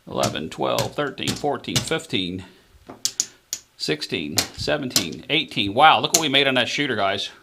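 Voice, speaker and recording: A man hosting a live craps stream, giving chatty play-by-play of the dice and talking straight to his viewers, jumping up in excitement when the dice land. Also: medium pitch, a little slow, vocal fry, heavy background noise.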